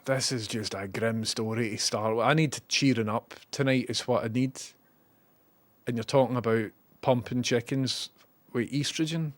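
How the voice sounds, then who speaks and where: A man's voice: on the low side, dry recording. A man hosting a live stream, chatting wryly and reading viewer messages. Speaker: livestream host. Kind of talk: casual live commentary.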